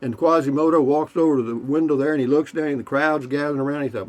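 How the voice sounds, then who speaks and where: Casual joke telling from a male vlogger whose voice is on the high side, steady, quick, and a little mellow. He rambles loosely and folksily with lots of asides, stopping between jokes for a toast and a sip of beer.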